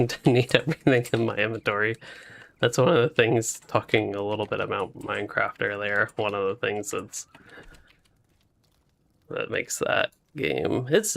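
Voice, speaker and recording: A man's voice: fairly low pitch, vocal fry, slight background noise. A man streaming a co-op survival game, chatting casually and rambling between tasks, with frequent laughs and a late-night sleepiness. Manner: relaxed, rambling, laughs often. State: sleepy, yawning. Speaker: gaming streamer. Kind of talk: casual co-op gameplay chat.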